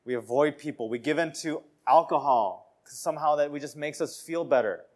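A preacher delivers a sermon briskly, his voice a little higher than most men's. He speaks earnestly and conversationally, frequently repeating phrases and stumbling over a word before moving on.

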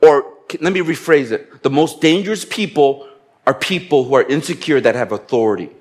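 A man preaching a sermon in a somewhat high voice. He talks animatedly, slipping into playful acted-out quotes and joking along as he goes. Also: fairly quick. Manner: animated, acts out quotes with humor. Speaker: pastor.

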